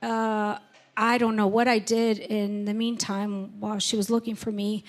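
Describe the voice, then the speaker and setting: Woman giving a candid, halting testimony. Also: medium pitch, flat delivery. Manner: candid, emotional, halting with many fillers. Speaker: church member giving testimony. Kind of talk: personal testimony.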